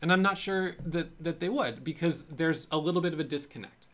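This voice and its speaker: A man's voice: fairly high pitch, brisk, a bit bright. A man hosting his own trading show, talking candidly and a bit self-critically, with frequent fillers as he tells stories from his own trading. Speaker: host of a day-trading show. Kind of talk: casual solo talk to camera.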